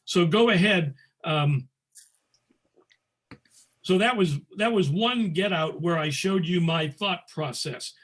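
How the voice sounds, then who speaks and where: This man has a fairly high voice for a man. He is teaching square dance calling over a video call and breaks his moves into crisp, clipped commands between steady explanations. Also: takes it slowly, pauses often. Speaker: square dance caller presenting. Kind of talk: teaching talk, calling demonstration calls.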